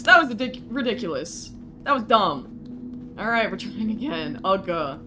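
A woman's voice: medium pitch, big pitch swings, measured pace, pushed and bright, faint music behind. A woman streaming a game, talking to chat and groaning in frustration at the game.

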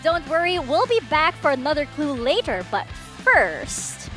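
A woman's voice: high-pitched, measured pace, soft background music. A woman co-hosting a gaming show, chatting with her partner and introducing a segment. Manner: lively, chatty, laughs along. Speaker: show co-host. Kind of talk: casual chat and scripted segment intro.

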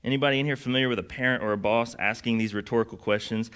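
A man's voice: medium pitch, steady tone, racing, a bit bright, clean tone. A young adult man preaching a sermon as pastor, in a casual, conversational way with lots of fillers.

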